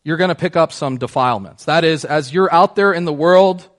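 A man's voice: on the high side, a little fast. Man preaching a conversational sermon. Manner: conversational, asks the congregation questions, chuckles. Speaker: pastor.

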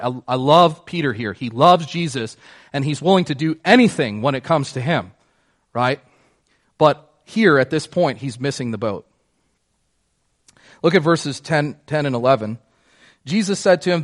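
A man with a slightly higher-than-average voice preaches to his congregation. He talks in a relaxed, conversational way and keeps checking in with listeners. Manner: conversational, asks the congregation questions, chuckles. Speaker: pastor. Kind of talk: sermon.

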